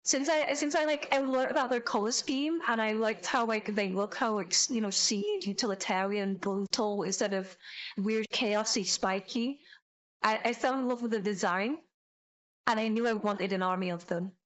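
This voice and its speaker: A young woman streamer giving casual reaction commentary, excitable and rambling, swearing constantly as she talks. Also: medium pitch, normal speed. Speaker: VTuber streamer.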